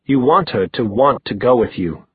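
A man voicing a proud, sarcastic young male fighter with a sharp, cutting delivery. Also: medium pitch, lively intonation, moderate pace, breathy edge, no echo. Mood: probing. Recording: dry tinny phone-like sound.

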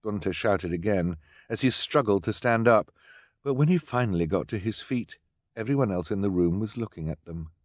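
Expressive low-voiced male storyteller. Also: normal speed, dry recording, studio quality. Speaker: narrator. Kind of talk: audiobook narration.

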